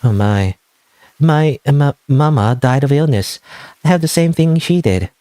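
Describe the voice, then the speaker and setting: A man voicing a frightened, sickly young orphan girl in a soft, timid voice. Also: medium pitch, lively intonation, measured pace, no room sound, pitched above the performer's own voice, lightly acted.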